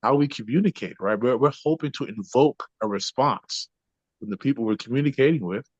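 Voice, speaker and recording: On a dull, dry, lo-fi recording with no echo, a man with a mid-range voice talks a little fast. As a podcast guest and trainer he explains things conversationally, checking in often with a habitual "right?".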